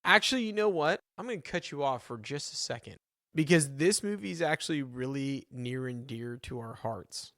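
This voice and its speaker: A man co-hosting a podcast in casual chat, relaxed and teasing. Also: mid-range voice, normal speed, dry recording. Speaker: podcast co-host.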